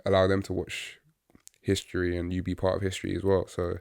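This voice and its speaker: A man's voice: low-pitched, completely flat delivery, a little fast, gravelly, darkish tone, smooth, dry recording, studio quality. A man co-hosting a football podcast, talking casually and a little hesitantly with fillers. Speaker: podcast co-host.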